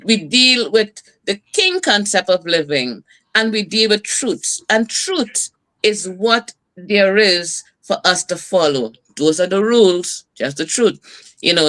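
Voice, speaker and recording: Lively woman host, bright preachy talk. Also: mid-range voice. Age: middle-aged. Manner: lively, preachy storytelling with laughs and asides. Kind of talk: community broadcast talk.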